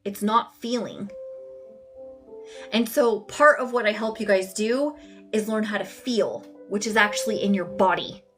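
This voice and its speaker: A woman hosts a casual live coaching session, speaking straight to her viewers. She is blunt and swears freely, in a middle-pitched voice with soft music playing faintly behind her. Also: a little slow.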